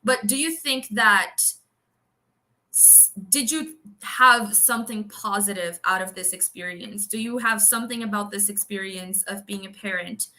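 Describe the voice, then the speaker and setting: A woman hosting a live video call panel, asking a question in an effusive, halting way. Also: mid-range voice, pushed and bright. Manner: effusive, halting, restarting words. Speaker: panel host.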